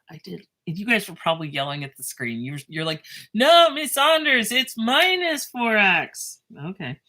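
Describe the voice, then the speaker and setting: A woman teaching a math lesson in a chatty, self-mocking way, with lively asides and a drawn-out pace while she writes. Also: deep voice.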